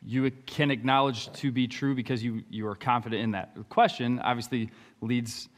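A man's voice: medium pitch, steady tone, normal speed. A man on stage in a church, talking in a casual, hesitant way with repeated words and jokes. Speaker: church co-leader, former teacher. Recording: long reverb of a church hall.

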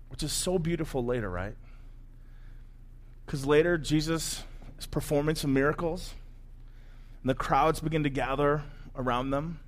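A man pastor giving a sermon, telling the story in a conversational, animated way. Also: on the high side.

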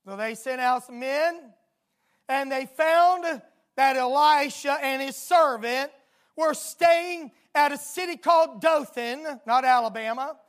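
A preacher delivering a sermon, telling a story dramatically and bursting into emphatic shouts. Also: high voice.

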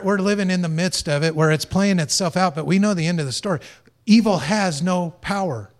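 Emphatic high-voiced male pastor preaching. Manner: emphatic, repeats phrases for stress; jokes lightly with the congregation. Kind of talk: sermon.

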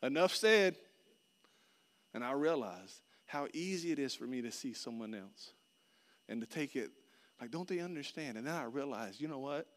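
A man delivers a sermon as a personal story, his voice jumping between loud, excited bursts and quiet, earnest stretches. He talks casually and directly to the listeners, with lively, expressive pitch. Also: moderate pace, pauses often. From Florida. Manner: animated, swings from loud outbursts to hushed earnest tones. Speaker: pastor.

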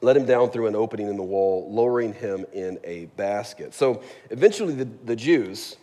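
Preaching in a church sanctuary, a pastor keeps things conversational and full of jokes, often checking in by asking "right?" His voice is fairly low and dark in tone, expressive, at a normal speed. Long reverb from the hall colors the audio.

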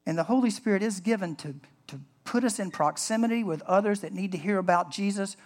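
A man preaching a sermon as pastor in an earnest, conversational way. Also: sits high.

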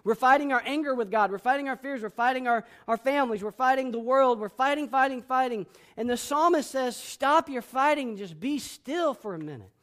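A man preaching a sermon as pastor, boisterous and emphatic, swinging between loud declarations and hushed, soft passages. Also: very high voice, brisk, few pauses.

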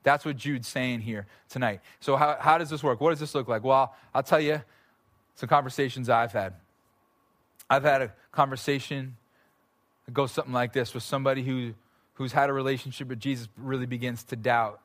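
A man's voice: medium pitch, steady tone, brisk, fairly bright tone. Pastor guy preaching in church, earnest and chatty, gets intense and pleading. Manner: earnest, conversational, swells into intense pleading prayer. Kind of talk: sermon. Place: church sanctuary.

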